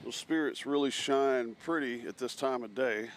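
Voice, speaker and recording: A man's voice: mid-range voice, moderate pace, slight background noise. A man hosting a live planespotting stream outdoors near an airport, chatting casually and reading out viewer messages. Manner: chatty, reads out chat messages. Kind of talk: casual commentary while planespotting.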